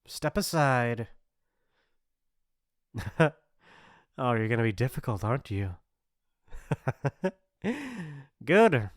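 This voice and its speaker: A man's voice: medium pitch, no echo, studio quality. A man voicing a mean, teasing popular bully in an ASMR role-play, mocking and laughing often. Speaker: voice actor.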